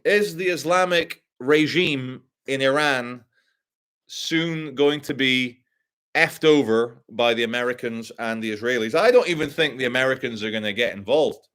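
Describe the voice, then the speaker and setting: A man's voice: medium pitch, normal speed, fairly bright tone, smooth. A man hosting a live stream, rambling through commentary with a sarcastic, crude humor.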